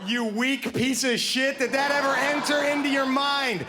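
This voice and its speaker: A man voicing his exasperated male best friend, who mocks and shouts advice at him in disbelief. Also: high voice, big pitch swings, slow pace, creaky, background noise, exaggerated voice. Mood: exasperated yelling. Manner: shouting, mocking, incredulous.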